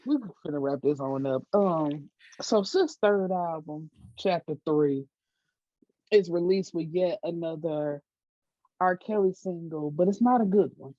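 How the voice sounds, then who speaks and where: A woman's voice: lowish voice, a little slow, dry recording, dull audio. A young adult woman co-hosting a casual chat, laughing hard and reacting playfully. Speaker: co-host.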